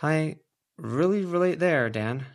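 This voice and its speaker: A practical young woman worn down by strange events speaks with a raised, lighter pitch and a firm, patient weariness, as a man reads her in an audiobook. She pleads gently but does not bend. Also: expressive, slow pace. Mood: weary firm. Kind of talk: audiobook character reading.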